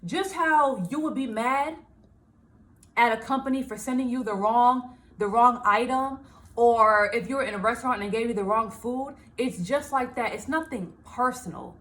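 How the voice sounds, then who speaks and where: High-voiced woman vlogger, animated and laughing. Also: moderate pace. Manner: animated, laughing, acts out her own inner voice. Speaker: small business owner and vlogger. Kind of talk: casual self-help talk to camera.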